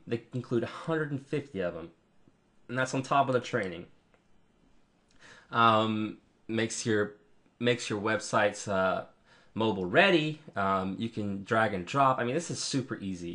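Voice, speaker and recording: A man giving a casual, rambling review of marketing software while clicking through it on screen, with frequent ums and restarts. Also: lowish voice. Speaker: product reviewer.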